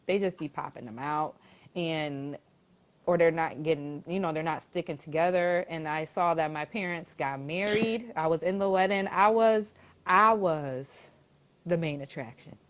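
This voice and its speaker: A woman in her twenties, the eldest sister, chatting casually on a live stream and laughing often. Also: lowish voice. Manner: chatty, laughs often, uses dialect grammar. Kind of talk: casual chat.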